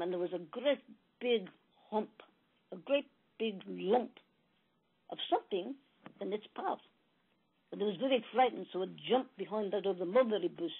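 A woman tells a spiritual parable in a gentle, emphatic, repetitive way. Her voice is husky and breathy, at an average pitch for a woman. The recording is narrow and tinny, like a phone line. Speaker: spiritual channeler. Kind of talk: spiritual storytelling.

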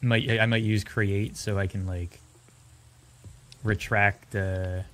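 A young man describing his build in casual gaming chat, relaxed and halting. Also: fairly low pitch. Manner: relaxed, halting, lots of fillers.

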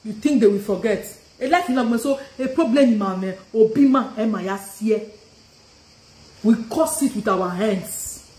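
Her voice is on the high side yet mellow, and she speaks a little slowly in a roomy-sounding space. This Nigerian-accented woman is ranting confrontationally on a live stream, repeating questions and switching languages mid-sentence.

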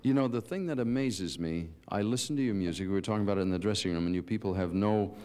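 Chatty TV host, lower voice. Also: male voice, fast, mellow, clear, resonant tone. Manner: joking, chatty. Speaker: TV show host. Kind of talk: televised interview. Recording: 1970s TV broadcast.

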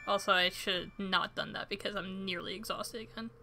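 A woman comments on her own gameplay in a loose, chatty way and pokes fun at herself. Her voice is bright and forward, with a middle pitch. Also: fairly even intonation, brisk, soft background music. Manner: chatty and self-deprecating. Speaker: game streamer. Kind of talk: let's-play commentary.

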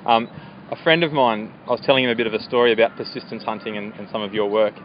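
An Australian man hosting a casual outdoor interview, chatty, with lots of fillers and quick agreements. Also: on the low side. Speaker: host. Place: outdoors by a river path. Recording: dull lo-fi audio with faint outdoor noise.

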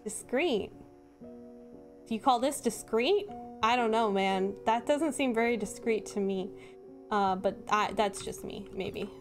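Jumpy high-voiced woman streaming a horror game. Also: slow pace, soft background music. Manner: jumpy, nervous laughter, sudden screams; chatty, apologetic asides to viewers. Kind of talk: casual live-stream chat.

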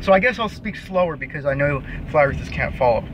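A man's voice: fairly high pitch, lively intonation, fast, dull audio. A young man in an angry rant to camera, profane and scornful, repeating himself, recorded outdoors. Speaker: vlogger. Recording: noisy outdoor recording near traffic.

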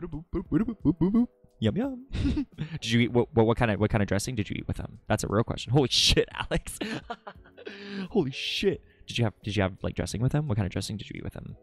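A man streaming live and chatting casually with his viewers in a playful, dramatic way, from his room at home. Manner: playful, dramatic, swings to high squeaky jokes. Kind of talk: casual livestream chat with viewers.

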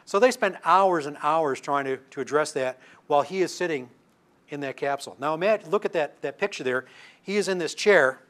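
A man's voice: fairly high pitch, fairly quick, a bit bright. An older man giving a public science talk, telling anecdotes with asides and restarts. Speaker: lecturing astronomer.

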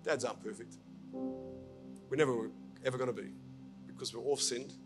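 A man's voice: mid-range voice, normal speed, music in the background. A man preaching as senior pastor at a church service, telling a story and appealing earnestly and directly to his listeners. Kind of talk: sermon.

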